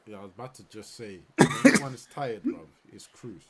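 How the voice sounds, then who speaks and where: A man's voice: medium pitch, wildly swooping pitch, normal speed, fairly bright tone. A young man co-hosting a football podcast, cutting in with short, dry remarks. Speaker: podcast co-host. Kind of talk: casual football podcast chat.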